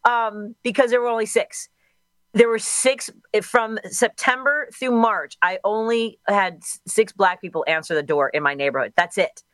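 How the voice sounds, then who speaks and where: A woman's voice: medium pitch, moderate pace, a bit bright, no echo. A middle-aged woman from Chicago, a radio host speaking as a guest in a radio interview, candid and thinking aloud with restarts.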